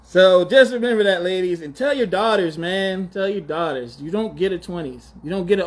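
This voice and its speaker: A high-voiced man speaking at normal speed hosts a podcast. In his forties, he keeps things slangy and teasing, laughing often through a casual, mock-outraged monologue.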